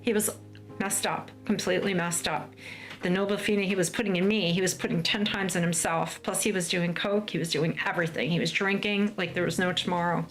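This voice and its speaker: A woman's voice: lowish voice, fairly even intonation, fairly quick, soft background music. American woman recounting an ordeal. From United States. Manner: storytelling, acts out quoted lines of others. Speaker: interviewee. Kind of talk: documentary interview, recounting a personal ordeal.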